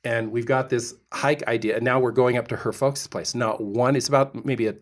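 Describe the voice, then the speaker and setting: Middle-aged guy on a podcast, dramatic animated storyteller, medium pitch. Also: moderate pace. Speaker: podcast co-host. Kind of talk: storytelling chat.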